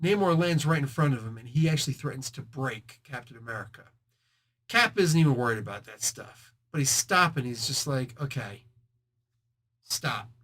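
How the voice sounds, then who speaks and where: A man's voice: medium pitch, expressive, a little fast, fairly bright tone. A man hosting a casual comic book review, retelling the story with slang and sound effects.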